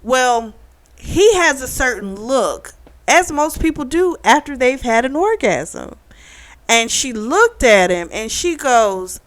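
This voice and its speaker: A woman vlogger giving a casual, chatty recap of a novel, full of "like" and "um" as she retells the plot. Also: slow. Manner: animated retelling, acting out characters' lines with a raised pitch; chatty, peppered with "like" and "um". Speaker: book club vlogger.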